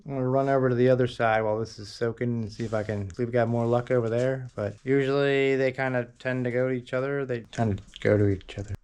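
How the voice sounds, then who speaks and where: A man's voice: mid-range voice, steady tone, fast talker, hardly any pauses, a little mellow, clear, resonant tone. A man working on a car in his repair shop, chatting casually and joking with playful rhymes. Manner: playful, rhyming wordplay and banter with his dog. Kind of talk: casual workshop vlog. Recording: noisy workshop with tool clicks.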